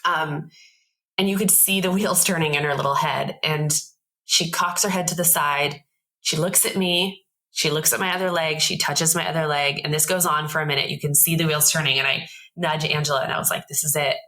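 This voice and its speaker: Brief: thirties woman, podcast guest, low pitch, crisp forceful tone, lively storyteller. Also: a little fast, low-quality recording. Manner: animated storyteller, acts out quoted voices. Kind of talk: casual storytelling interview.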